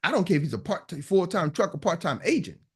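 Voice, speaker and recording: A man's voice: high voice, very animated, fast talker, slightly rough. A man giving a business coach's motivational talk to a live online audience, emphatic and preachy, hammering his points home through repetition. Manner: emphatic, preachy, repeats punchlines.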